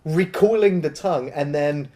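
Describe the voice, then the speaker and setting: A man's voice: fairly high pitch, normal speed, warm tone. A man co-hosting a film review show, recapping the plot in a wry, casual way. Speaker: film review podcast co-host. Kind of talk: casual chat.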